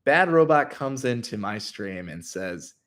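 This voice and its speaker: A man's voice: mid-range voice, sing-song, measured pace, a bit bright. A young adult man on his channel, telling a story casually and animatedly, full of filler words. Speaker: YouTuber.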